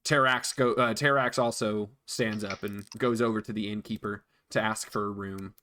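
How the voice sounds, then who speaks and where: A man's voice: fairly low pitch, steady tone, moderate pace, bright, forceful tone, a little hiss or hum. A man narrating a tabletop game as dungeon master, hesitant, with many fillers and restarts.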